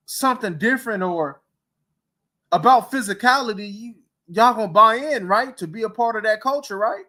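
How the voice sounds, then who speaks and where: A man's voice: sits high, moderate pace, pushed and bright. A man hosting a casual sports talk show, ranting in a heated, mocking way with rhetorical questions. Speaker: podcast host.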